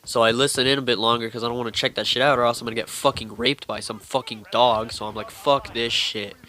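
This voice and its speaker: A man's voice: mid-range voice, sharp tone. Swearing young man telling a story. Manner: heavy constant swearing, rambling. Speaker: vlogger telling a scary story. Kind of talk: casual storytelling vlog.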